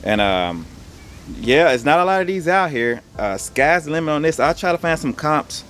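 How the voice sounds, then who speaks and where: A man's voice: on the high side, expressive, normal speed, a bit bright, slight background noise. A young man casually talking through his resale haul in a laid-back, rambling, slangy way. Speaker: online reseller showing his haul.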